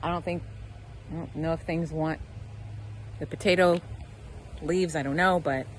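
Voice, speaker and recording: A woman's voice: deep voice, steady tone, a little slow, slight background noise, rough recording. Exasperated Southern woman in her garden. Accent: Southern American. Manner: exasperated, talks to garden critters. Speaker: garden vlogger. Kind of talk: casual garden vlog. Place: outdoor garden.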